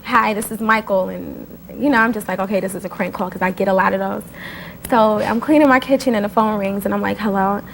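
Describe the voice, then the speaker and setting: A woman telling an excited, animated anecdote, often laughing. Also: mid-range voice, fairly quick, vocal fry, slight background noise, rough recording. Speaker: interviewee. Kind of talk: casual anecdote.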